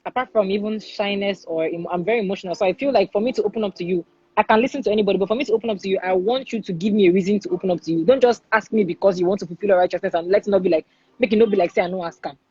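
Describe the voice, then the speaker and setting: A woman's voice: mid-range voice, rapid-fire, mellow, husky, no echo, dull audio. A woman with a Nigerian accent hosting a podcast, speaking forthrightly and with emphasis. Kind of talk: candid podcast discussion.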